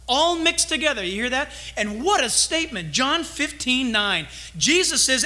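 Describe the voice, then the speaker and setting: A man's voice: sits high, sing-song, moderate pace, pushed and bright. A man preaching a sermon as a pastor, emphatic and full of storytelling.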